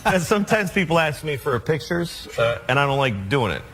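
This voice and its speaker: A man telling an anecdote as a talk show guest, dry and deadpan. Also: on the high side, fairly quick, a little hiss or hum. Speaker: comedian guest.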